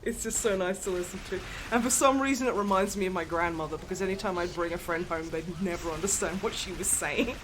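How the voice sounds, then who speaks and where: A woman hosting a casual charity livestream, chatty and quick to laugh, with casual swearing. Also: fairly low pitch. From Australia. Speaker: livestream host. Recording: noisy livestream mic.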